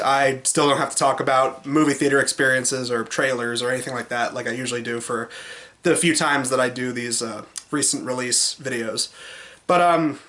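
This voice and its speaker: A young man talking casually and at length in a movie review vlog, rambling and sometimes mimicking cynical voices in a high pitch. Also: pushed and bright. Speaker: movie vlogger.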